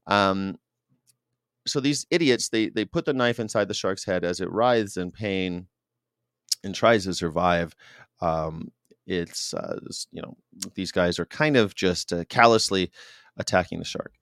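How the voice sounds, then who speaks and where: Emphatic low-voiced male show host. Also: measured pace, dry recording, studio quality. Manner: animated and emphatic, with frequent restarts. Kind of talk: casual monologue commentary.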